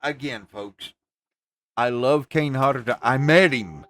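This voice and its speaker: A podcast host with a mid-range, fairly bright voice speaks slowly to his listeners, whom he calls "folks." His casual chat is an emphatic rant peppered with swearing.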